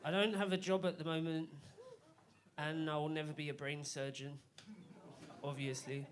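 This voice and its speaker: A man doing a live stand-up set on a comedy club stage, deadpan and self-deprecating. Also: on the high side, normal speed.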